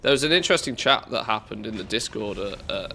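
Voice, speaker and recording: A man's voice: fairly low pitch, expressive, quick pace, vocal fry, pushed and bright. Congested man with a cold, game streamer, loose rambling live chat, faint background noise. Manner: rambling, many fillers and restarts.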